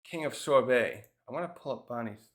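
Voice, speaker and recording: A man talks through a manga chapter in a loose, conversational way. He wanders from point to point, thinking aloud, and often breaks off a sentence to start it again. His voice sits at an ordinary middle pitch. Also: fairly quick, a bit bright. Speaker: manga reviewer. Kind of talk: casual review commentary.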